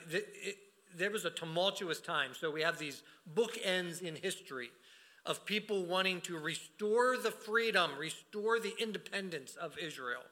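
A man's voice: a little high, pushed and bright. A man leading a prayer and then preaching a sermon, speaking earnestly with frequent fillers and restarts. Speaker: pastor.

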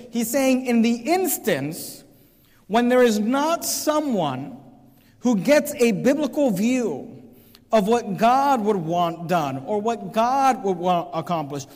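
A man's voice: sits high, a little mellow. A man preaching a sermon in an earnest, emphatic way, repeating key phrases as he explains a scripture. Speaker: pastor. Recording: long hall reverb.

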